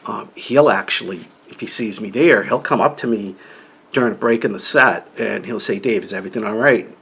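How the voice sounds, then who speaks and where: Rambling middle-aged man, husky voice. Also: lowish voice, a bit bright. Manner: rambling, repeats words, restarts often. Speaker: vlogger living with an inner-ear condition. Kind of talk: casual personal talk to camera.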